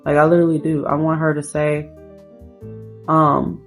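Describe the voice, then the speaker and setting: A woman's voice: low voice, little pitch movement, normal speed, creaky, soft background music. Chatty woman narrating her game. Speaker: gameplay streamer. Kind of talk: casual let's-play commentary.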